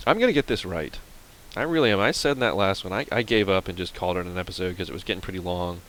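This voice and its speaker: A man giving casual, rambling let's-play commentary, mocking himself and now and then yelping with excitement. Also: deep voice, quick pace, poor audio. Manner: self-mocking, rambling, bursts into excited yelps.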